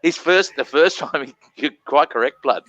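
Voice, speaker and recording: A man's voice: a little high, lively intonation, moderate pace, a bit bright, no room sound, dull audio. An Australian man hosting a live stream, chatting casually, reading out viewer names and swearing freely. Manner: rambling, reads chat names aloud, swears freely.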